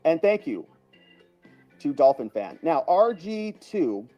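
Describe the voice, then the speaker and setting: A man's voice: on the high side, big pitch swings, slow, lo-fi sound, soft background music. A man hosting a casual livestream, chatty and chuckling as he thanks viewers by name and reacts to their comments. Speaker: livestream host.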